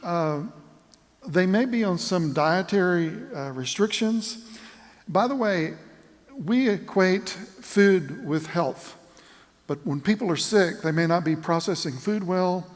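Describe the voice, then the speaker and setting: A man's voice: high voice, lively intonation, takes it slowly. Wry man speaking in an echoey hall. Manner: wry, dryly humorous. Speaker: guest speaker, hospital chaplaincy director. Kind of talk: talk to a church group.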